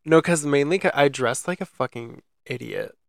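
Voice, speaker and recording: A young man talks in a relaxed, rambling way, piling up fillers as he tells a story. His voice has a gravelly edge, and it sits in a dry, close recording with no room sound. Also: medium pitch, normal speed, no room sound. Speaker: podcast co-host. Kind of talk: casual chat.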